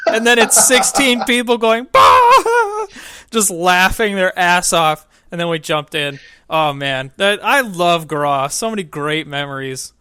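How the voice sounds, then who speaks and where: A young man co-hosting a gaming podcast, telling a profane, animated story in casual chat. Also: high voice, measured pace, clean tone. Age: young adult. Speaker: podcast co-host.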